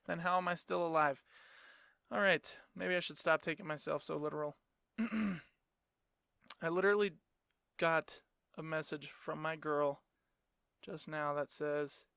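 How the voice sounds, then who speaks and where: A man's voice: on the high side, unhurried, vocal fry, long pauses, bright, forceful tone, smooth, no room sound, studio quality. A young man hosting his own podcast, ranting in a sarcastic, profane way and laughing often. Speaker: podcast host. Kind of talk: casual solo rant.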